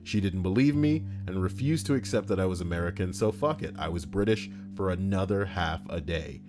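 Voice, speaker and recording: A man with a low voice, speaking fairly quickly, reads internet stories aloud as a reddit story reader. He adds casual, profane commentary, rants, and laughs at his own jokes. Faint music plays in the background.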